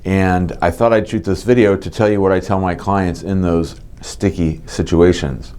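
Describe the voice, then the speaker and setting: A man working as an immigration lawyer, explaining advice in a video. He over-enunciates his words slowly and his S sounds come out slightly stuck. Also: low-pitched, fairly even intonation, darkish tone, clear, resonant tone.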